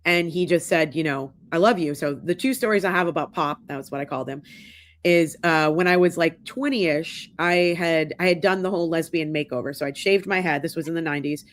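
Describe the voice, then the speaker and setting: A woman in her forties with a fairly low voice, telling a long personal story as a podcast co-host. She animates the dialogue as she recounts it. The sound is dry and close. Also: brisk, dry recording. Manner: animated storyteller, acts out quotes. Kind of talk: casual chat.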